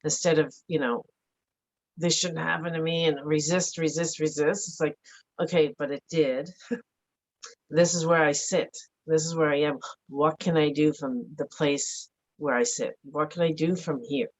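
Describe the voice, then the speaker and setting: A woman's voice: deep voice, steady tone, normal speed. A middle-aged woman speaking earnestly and reflectively as an interview guest, with frequent "like" fillers. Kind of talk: candid conversational interview. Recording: dull lo-fi audio.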